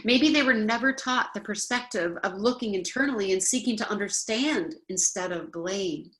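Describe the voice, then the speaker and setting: Earnest lady teaching a self-help class, medium pitch, gets worked up acting out upset people. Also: moderate pace, a bit bright. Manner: earnest, acts out indignant voices with rising pitch.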